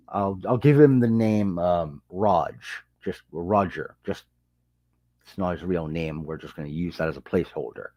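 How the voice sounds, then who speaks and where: A man hosting a casual livestream, telling a story in a lively way and greeting viewers as they join. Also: dry recording. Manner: animated storytelling, jumps high when quoting people. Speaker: livestream host and fantasy author. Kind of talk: casual rambling livestream chat.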